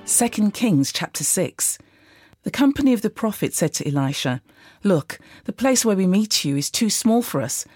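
A woman giving a measured, steady scripted reading of scripture. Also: medium pitch, breathy edge, soft background music. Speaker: Bible reader.

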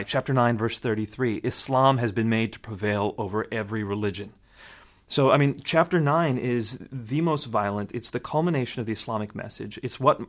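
Measured man explaining at length. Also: mid-range voice, fairly bright tone. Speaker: guest. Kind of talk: interview answer.

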